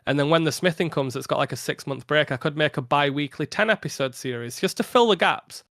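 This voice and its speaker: Tired young man chatting, slightly high. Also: fairly quick, no room sound, clean studio sound. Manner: rambling, laughs often, a little flat from fatigue. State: tired after a long day. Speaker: podcast guest, content creator. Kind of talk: casual podcast chat.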